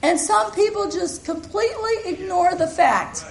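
A woman's voice: extremely high pitch, sing-song, unhurried, creaky. A woman preaching a sermon in a church, earnest and emphatic, with the congregation calling back responses. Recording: echoey room.

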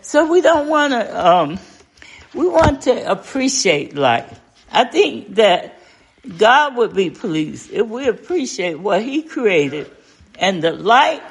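An older woman teaches an informal Bible study in a slow, medium-pitched voice that rises and falls with liveliness. Folksy and conversational, she keeps putting questions to her listeners.

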